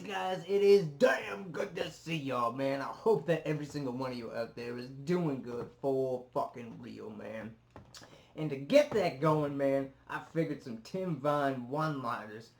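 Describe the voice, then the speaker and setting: A man's voice: medium pitch, unhurried, vocal fry. A man hosting a casual reaction video, laid-back, swearing freely and laughing easily. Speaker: YouTube reaction host.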